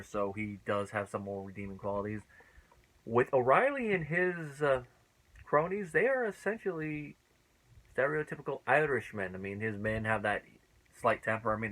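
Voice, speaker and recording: Low-voiced chatty man reviewing a show. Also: fairly bright tone, poor audio. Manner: chatty, laughs often, fills pauses with uh. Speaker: TV episode reviewer. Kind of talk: casual spoken review.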